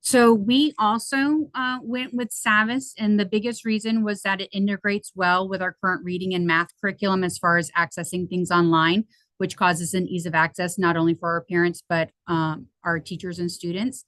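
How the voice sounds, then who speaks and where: A woman's voice: lowish voice, fairly even intonation, normal speed, a bit bright, no room sound, low-quality recording. A woman representing a school, giving her team's reasons in a matter-of-fact way.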